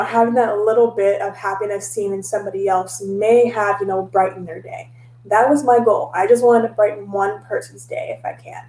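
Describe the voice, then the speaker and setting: A woman telling stories in a casual vlog, animated and laughing often, slipping into voices for her own past lines. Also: mid-range voice, echoey room, low-quality recording. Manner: laughs often, mixes in mild cursing. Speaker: tarot reader and vlogger.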